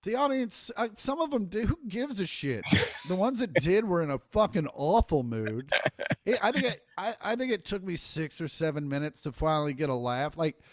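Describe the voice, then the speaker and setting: A man's voice: high-pitched, normal speed, dry recording, clean studio sound. A middle-aged man, a stand-up comic, telling profane stories in casual podcast chat and acting out the quotes. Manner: profane, animated anecdote telling with acted-out quotes.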